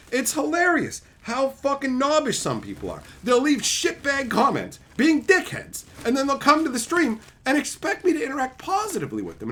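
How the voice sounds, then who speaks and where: A man's voice: very high-pitched, wildly swooping pitch, moderate pace, hardly any pauses, sharp tone. A man streaming live, ranting crudely and mockingly, laughing often. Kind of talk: profane rant.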